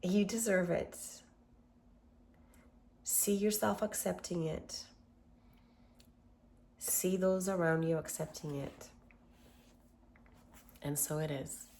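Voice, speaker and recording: Calm woman leading guided meditation. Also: lowish voice, slow pace, long pauses, a little hiss or hum. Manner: calm, gentle and affirming. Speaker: self-love workshop host.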